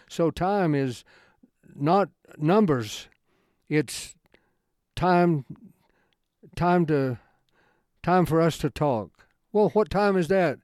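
A man giving an informal Bible study talk in a folksy, rambling way, halting often and restarting his sentences. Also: medium pitch, a little mellow, clear, resonant tone, dry recording, clean studio sound. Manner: folksy, conversational storytelling. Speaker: Bible teacher.

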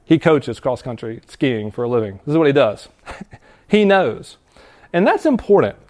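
Reading and unpacking scripture for students, a male pastor delivers an earnest, conversational sermon punctuated by restarts and brief laughter. His medium-pitched voice is a little mellow and swings widely in pitch.

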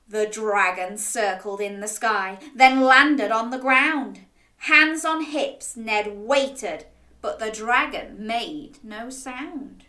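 A woman reads a children's picture book aloud, slowly and expressively, with a bright, lively, swooping voice. She invites young listeners to join in. Her voice echoes in the room around her. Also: a little high. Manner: animated, interactive, asking listeners to join in. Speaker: children's storyteller.

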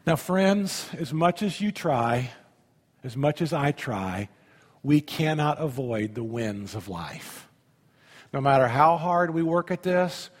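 A man pastor preaching a sermon in a conversational way, often asking the audience questions. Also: mid-range voice. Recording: long hall reverb.

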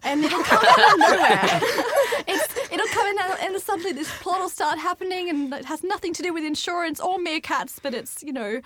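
A woman's voice: extremely high pitch, moderate pace, few pauses, very noisy. A young woman, an author answering interview questions in a bubbly, chatty way with frequent laughs. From Australia. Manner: bubbly, laughs often, lively asides. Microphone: studio microphone.

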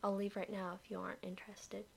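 A woman's voice: mid-range voice, flat delivery, fast talker, gravelly, breathy edge. A woman voicing a small, mischievous female ice creature who speaks in a teasing, coaxing, often whispered voice. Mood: sly.

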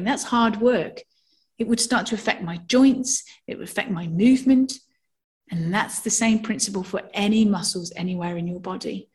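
A middle-aged woman teaching a somatic movement workshop, talking in a lively way, acting out little sighs and asking the listeners questions. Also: mid-range voice. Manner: animated, acts out sounds and asks listeners questions.

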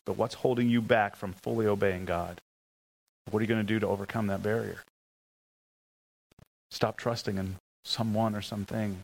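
A man preaching a sermon, emphatic and repetitive, leading the congregation in call-and-response and telling stories with animated excitement. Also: gravelly, poor audio. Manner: emphatic, repeats key phrases, leads the congregation in call-and-response; animated storytelling with rising pitch when excited. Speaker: pastor.

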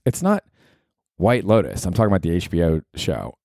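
Podcast host, man, 40s, deep voice, rambling and candid, dry close mic. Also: sing-song, normal speed, pauses often, warm tone, no echo. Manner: candid, rambling, swears freely and talks to himself. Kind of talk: solo podcast monologue.

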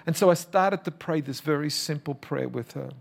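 A man's voice: fairly high pitch, moderate pace, gravelly. A man who is a pastor, preaching a sermon with emphatic, passionate calls and chatty storytelling full of restarts. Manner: conversational storytelling with repeated restarts.

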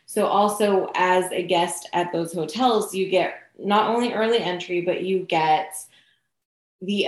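A woman telling a personal story in casual chat, full of "like" and "you know". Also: lowish voice. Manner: chatty, lots of "like" and "you know". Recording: echoey room.

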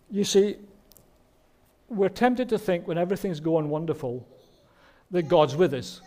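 Male pastor, fairly high voice, earnest sermon delivery. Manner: earnest, warm preaching with rhetorical questions. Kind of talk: Christmas sermon.

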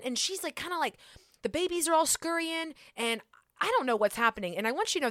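A young adult woman hosting a podcast, telling a story in a casual, self-mocking, animated way. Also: a little high, dry recording, studio quality. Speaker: podcast host. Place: Atlanta.

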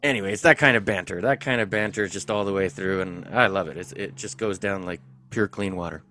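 A man's voice: low-pitched, fairly quick. A man in a casual book chat, talking with enthusiasm. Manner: enthusiastic, animated. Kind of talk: casual book discussion and reading aloud.

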